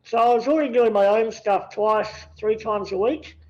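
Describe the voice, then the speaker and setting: Man in his 30s, high voice, self-deprecating humour, on a dull lo-fi recording. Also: moderate pace. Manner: joking, self-deprecating, laughs easily. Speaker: podcast guest, athlete. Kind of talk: casual interview chat.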